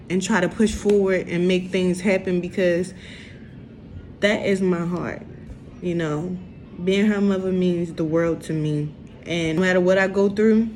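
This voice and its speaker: A young woman, speaking slowly and haltingly in an emotional confessional vlog. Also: mid-range voice, darkish tone, a little hiss or hum. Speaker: vlogger.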